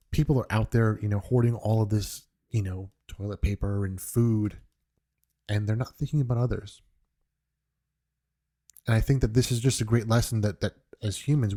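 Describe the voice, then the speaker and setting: A man's voice: on the low side, warm tone. A man from New York hosting a podcast, talking earnestly and reflectively in an unscripted monologue, often restarting his sentences. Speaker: podcast host.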